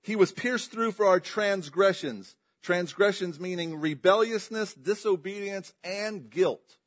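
A man preaching a sermon, swinging between loud emphatic lines and low quiet ones, putting questions to his congregation. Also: measured pace. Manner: emphatic, rising and dropping in pitch and volume.

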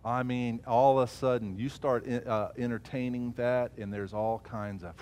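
A man preaching a sermon, swinging from loud emphatic peaks to low murmured asides. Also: fairly even intonation, normal speed, hardly any pauses, a little hiss or hum.

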